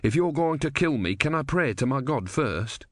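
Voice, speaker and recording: Young scared monk, man voicing him, higher voice, earnest, begging. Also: animated, moderate pace, no room sound, studio quality, close to an everyday voice. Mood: pleading. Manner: pleading, earnest. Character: earnest, frightened young male novice monk.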